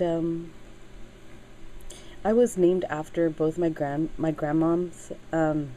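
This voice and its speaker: Soft-spoken woman crafter with a low, mellow voice. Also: a little hiss or hum, rough recording. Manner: halting, many fillers, emotional and teary. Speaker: crafting channel host. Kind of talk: casual craft video chat.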